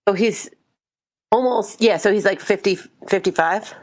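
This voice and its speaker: Woman, mid-pitched voice, casual co-host chat, short reactive replies. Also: normal speed, a little mellow. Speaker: podcast co-host.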